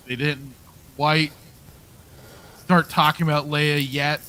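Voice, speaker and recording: A man co-hosting a casual podcast chat, animated, acting out quoted reactions. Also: mid-range voice, normal speed, slight background noise. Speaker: podcast co-host.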